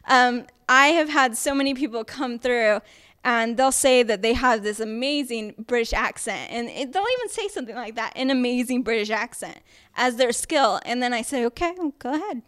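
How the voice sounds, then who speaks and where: A woman with a slightly high voice lecturing at an acting workshop. She talks chattily and emphatically, with lots of fillers and quick check-ins with her listeners. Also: fairly bright tone.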